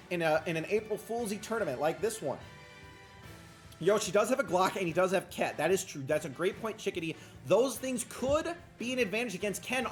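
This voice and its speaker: A man with a Wisconsin accent hosting a live-streamed tournament, chatting with viewers and calling the matches play by play, getting excited as the action builds. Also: sits high. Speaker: tournament host and commentator.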